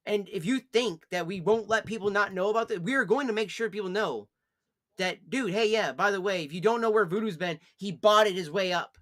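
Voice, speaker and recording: A man on a casual live stream, scolding someone in profane rants that swing from low, weary sighs to loud yelling. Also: fairly quick.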